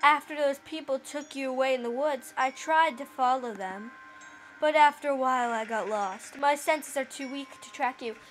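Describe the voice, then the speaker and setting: A woman voicing a gentle, weary male talking cat in a put-on deeper, manly voice as she reads game dialogue aloud. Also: normal speed, soft background music, close to an everyday voice. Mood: plaintive.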